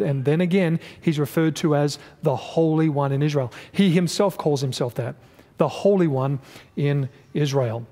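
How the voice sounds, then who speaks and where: A man's voice: a little high, moderate pace, warm tone, big-room sound. A male pastor teaching a Bible study lesson in a church, speaking emphatically and asking his class questions.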